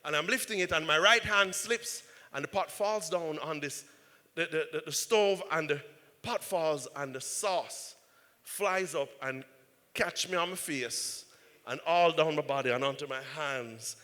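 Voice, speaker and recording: A male pastor telling a story in an animated sermon, often checking in with "right?". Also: fairly high pitch, measured pace. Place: church. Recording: reverberant church hall.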